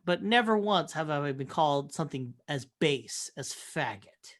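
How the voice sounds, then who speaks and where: A man in his thirties, a podcast co-host, telling stories in a casual, profane, animated way. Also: on the high side, normal speed, few pauses. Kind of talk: casual chat.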